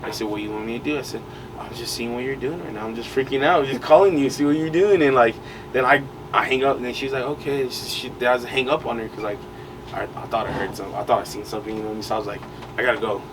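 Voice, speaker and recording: On a podcast he co-hosts, a young man tells a long, rambling, slang-filled story with plenty of fillers at a quick pace in his mid-range voice. It's recorded on a distant mic with background noise.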